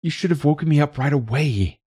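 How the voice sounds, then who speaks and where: A man voicing a young adult daughter who has just woken, her voice strained and croaking but her words tumbling out quickly. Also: mid-range voice, expressive, mellow, no room sound, studio quality, pitched above the performer's own voice. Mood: earnest. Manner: rapid cascade of words.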